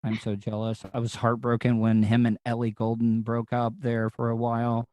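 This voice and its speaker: A man's voice: medium pitch, moderate pace, no room sound. Man, chatty podcast host, eager, restless, fillers everywhere, bone-dry sound. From Southern United States. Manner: excitable, rambling with many fillers and restarts. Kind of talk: casual interview chat.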